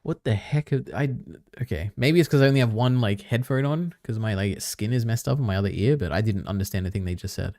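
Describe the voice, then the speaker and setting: A man's voice: lowish voice, quick pace, warm tone, dry recording, clean studio sound. A man chatting casually on a live stream, reacting to clips and rambling with lots of filler words. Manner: rambling, many fillers, chatty asides to chat.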